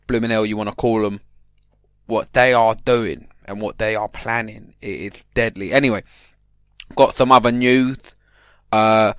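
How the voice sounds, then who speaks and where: A man's voice: on the low side, a bit bright, clear, resonant tone, no room sound, clean studio sound. A man hosting a comedy podcast, delivering a rambling, mock-paranoid monologue that often addresses the listener directly. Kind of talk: mock-serious comic monologue.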